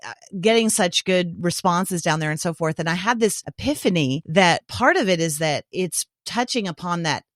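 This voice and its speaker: A woman in her fifties from New York talks with a somewhat low voice in a dry, close recording. She is loose and humorous, thinking aloud with casual fillers. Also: lively intonation, moderate pace, no echo. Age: 50s. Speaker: podcast host. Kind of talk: conversational podcast interview.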